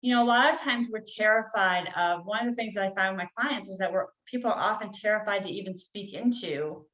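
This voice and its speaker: A woman's voice: mid-range voice, fast, fairly bright tone, roomy sound, low-quality recording. A woman, a healer guest on a podcast, telling a personal story in a casual, chatty way with many "like" and "you know" fillers.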